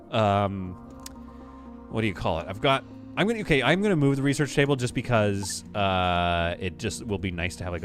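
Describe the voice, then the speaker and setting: A man chatting casually while streaming a video game, rambling between topics and often laughing. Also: medium pitch. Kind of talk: casual live gameplay commentary.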